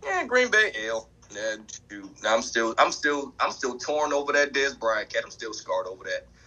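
A man co-hosting a sports podcast, talking in an animated, emphatic, trash-talking way. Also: medium pitch, moderate pace, poor audio. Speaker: podcast co-host. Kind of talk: casual sports chat.

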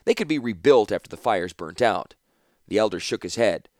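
Low-voiced, expressive male audiobook narrator. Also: normal speed, dry recording, studio quality. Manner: expressive, dramatic storytelling.

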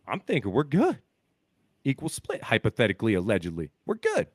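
A man's voice: medium pitch, wildly swooping pitch, brisk, breathy edge, dry recording, clean studio sound. A man from the Midwest co-hosting a podcast, rambling through a hypothetical story and swinging from muttered asides to heated outbursts. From American Midwest. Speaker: podcast co-host. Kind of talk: casual podcast chat.

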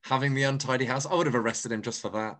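A man's voice: mid-range voice, fairly even intonation, quick pace, fairly bright tone. A man, co-hosting a true-crime podcast and chipping in with dry, joking remarks. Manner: dry wry asides. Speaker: podcast co-host. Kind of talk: casual true-crime chat.

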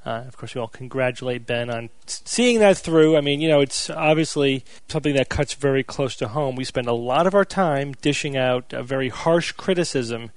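Gravelly-voiced male podcast host. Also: mid-range voice, moderate pace, few pauses, no echo. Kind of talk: casual chat.

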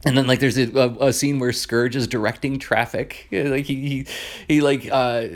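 A man's voice: medium pitch, normal speed. A man hosts a podcast in a mid-range voice, walking through a cartoon episode. He tells it casually and with energy, stumbling and restarting often. His speech is full of fillers. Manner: animated retelling with many fillers and restarts. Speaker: podcast host.

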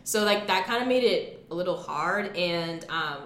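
A young woman hosts a casual podcast chat, talking fast and loose with plenty of "like" and little acted-out quotes. Her voice is bright and forward, and the room gives it a noticeable echo. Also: on the low side, lively intonation. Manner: chatty, heavy use of "like", acts out quotes. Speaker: podcast host. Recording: roomy echo.

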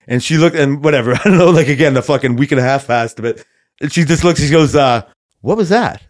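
A man's voice: mid-range voice, fast. A middle-aged man telling a long, rambling story on a podcast, swearing often and laughing as he goes. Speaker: podcast co-host. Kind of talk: casual chat, storytelling.

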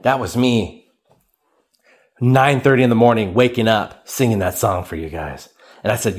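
A man's voice: on the low side, normal speed, long pauses. A young man hosting his own podcast, telling comic stories in a rambling, self-mocking way and acting out what people said. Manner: rambling, animated, self-mocking, acts out quotes. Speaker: podcast host. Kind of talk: solo comedic storytelling podcast. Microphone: cheap podcast microphone.

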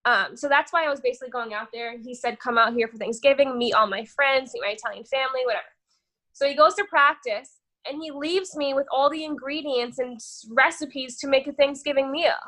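A young woman chats as a podcast guest, her voice high and bright. She rambles through her story with plenty of swearing and offhand asides. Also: a little fast. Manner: profane, rambling, says "whatever" a lot. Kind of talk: casual storytelling chat.

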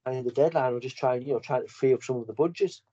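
A British man talks quickly as a guest in a casual comics chat, often repeating words as he restarts. The recording is dull and muffled. It is also dry, with no room sound. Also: medium pitch, warm tone, husky, no room sound. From United Kingdom. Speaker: podcast guest.

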